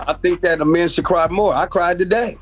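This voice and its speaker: A male comedian from Oakland, telling stories in an animated, profane way during a casual podcast interview. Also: high voice, a little fast, soft background music. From Oakland, California. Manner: animated storytelling, acts out voices, profane. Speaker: comedian guest.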